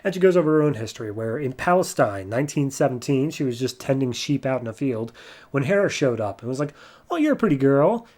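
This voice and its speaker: A man casually recapping a comic book on a podcast. He jumps into higher voices for the characters' lines. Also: fast, darkish tone. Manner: retells scenes in voices, jumping higher for quotes. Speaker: podcast host.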